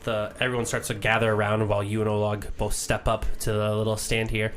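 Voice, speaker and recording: A man narrating as game master, relaxed and loose with lots of fillers. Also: lowish voice, brisk. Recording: faint background music.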